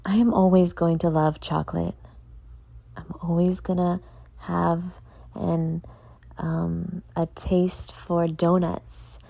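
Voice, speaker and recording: A woman's voice: on the low side, flat delivery, slow pace, creaky, warm tone, dry recording. A tired, yawning woman hosting a casual solo podcast, earnestly motivating her listeners and speaking to them directly. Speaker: podcast host.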